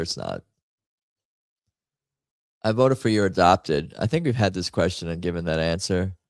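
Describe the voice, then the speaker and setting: Low-voiced man joking through a party game. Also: no echo, studio quality. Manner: rambling, jokey, self-mocking commentary. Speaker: stream host playing party games. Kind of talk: casual game-stream chatter.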